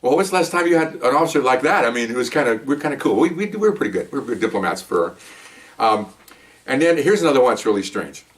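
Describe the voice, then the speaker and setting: An older man, a retired cop, talks quickly and keeps drifting into jokey side stories. He keeps checking in with "okay?" and "you know" as he goes. His voice sounds a bit distant from the microphone. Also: mid-range voice, big pitch swings. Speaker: retired police officer telling stories. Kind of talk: casual storytelling monologue.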